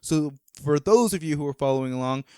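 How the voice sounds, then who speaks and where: A man's voice: on the high side, expressive, brisk, dark tone, smooth, no room sound, clean studio sound. A man hosting a podcast, chatting casually and rambling with enthusiasm, with many fillers and restarts. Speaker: podcast host. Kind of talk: casual chat.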